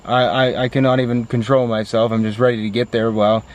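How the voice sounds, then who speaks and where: A man vlogging about a car, telling a story to the camera in a chatty, excitable way with lots of fillers. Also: medium pitch, quick pace.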